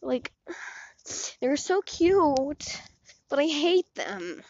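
A teenage girl with an Icelandic accent hosts a podcast while walking along a street, rambling in a casual, self-deprecating monologue while sick with a sore throat. Her voice sits high, with big pitch swings, drawn-out words, and a slightly mellow quality. Her cheap earbud headphone mic gives dry, dull, lo-fi audio.

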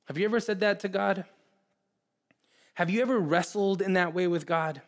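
A man preaching a sermon in an earnest way, often repeating words and pausing. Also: high voice. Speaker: pastor.

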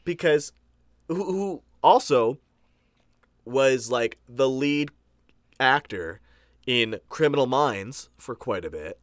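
A podcast co-host in casual chat, playful and teasing with quick reactions. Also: mid-range voice, expressive, no echo, clean studio sound.

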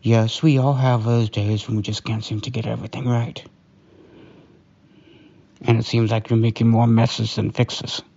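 A man doing a comforting partner role-play, talking softly and slowly in a hushed, soothing way. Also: medium pitch, little pitch movement, creaky, highs cut off. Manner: soft, hushed, soothing and slow. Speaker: storyteller.

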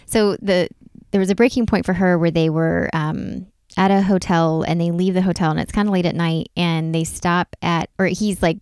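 Brief: female podcast co-host, lowish smooth voice, casual chatty delivery, dry close mic. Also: steady tone, moderate pace, darkish tone, no echo. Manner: chatty, lots of "like" and "um" fillers. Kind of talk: casual chat.

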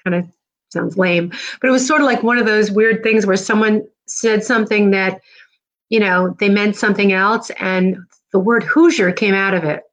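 A woman's voice: mid-range voice, steady tone, moderate pace, fairly bright tone. A middle-aged woman from New Jersey hosting a live stream, chatting casually and rambling with lots of fillers. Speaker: podcast host.

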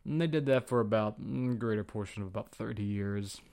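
A man's voice: on the low side, fairly quick, vocal fry, a little mellow. A young man hosting a podcast, talking in a flippant, profane, slangy way and acting out quotes as he goes. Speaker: podcast host. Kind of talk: casual opinion monologue.

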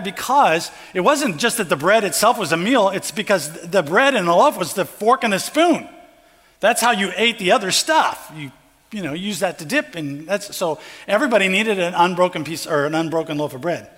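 A man's voice: high-pitched, expressive, normal speed, fairly bright tone. A pastor preaching a conversational sermon, acting out the parable's characters as he goes. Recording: long hall reverb.

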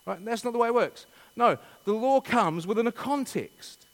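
A man's voice: very high voice, expressive, moderate pace, long reverb tail. A man preaching a sermon, asking rhetorical questions and reading scripture dramatically.

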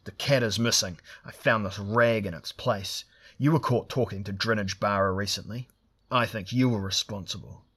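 A man's voice: fairly low pitch, moderate pace, fairly bright tone, breathy edge. A man voicing a furious barbarian warlord who barks orders. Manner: roaring, commanding. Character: raging barbarian warlord, gruff and commanding.

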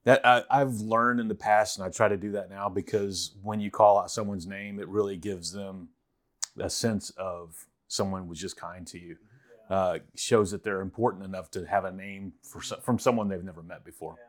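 A man's voice: deep voice, fairly even intonation, moderate pace. A man hosting a podcast, asking short, friendly questions in a casual way. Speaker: podcast host. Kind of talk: casual chat.

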